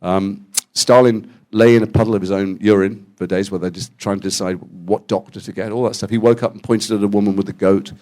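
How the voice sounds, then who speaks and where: A man with an English accent, an actor telling stories at a post-screening Q&A in a cinema. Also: fairly low pitch. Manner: animated, quotes others in quick dialogue. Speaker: actor guest at a Q&A. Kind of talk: anecdotal storytelling. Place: cinema auditorium after a screening.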